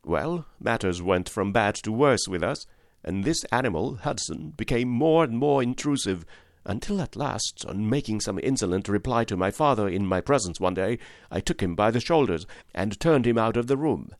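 A man narrating a classic story as an audiobook, in a measured, even storytelling manner. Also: on the low side, dry recording, studio quality. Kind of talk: scripted narration.

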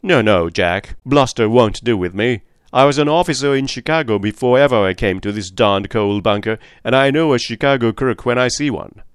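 A man voicing a gruff, good-humoured middle-aged police captain who talks in a bluff, bantering way. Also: mid-range voice, moderate pace, hardly any pauses, no echo, clean studio sound, lightly acted.

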